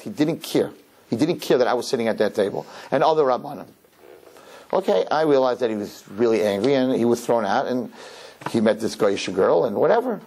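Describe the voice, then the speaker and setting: Husky-voiced rabbi telling a story. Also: male voice, medium pitch. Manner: lively anecdotal storytelling, acts out dialogue. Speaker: rabbi speaking to an audience. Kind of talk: storytelling talk.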